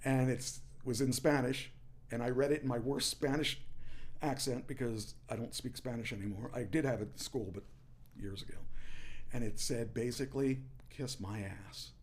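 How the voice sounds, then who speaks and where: A man, a former wrestler, telling stories in a casual podcast chat and rising into a loud promo voice when he quotes himself. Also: medium pitch, moderate pace. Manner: animated, shouts into promo voice when quoting himself. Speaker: former pro wrestler guest. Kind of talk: casual storytelling.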